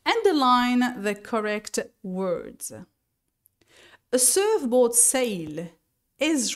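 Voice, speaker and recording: A woman teacher explaining English vocabulary and pronunciation slowly and deliberately, sometimes correcting herself. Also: on the high side. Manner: slow and deliberate, spelling out each word with self-corrections. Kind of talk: recorded lesson explanation.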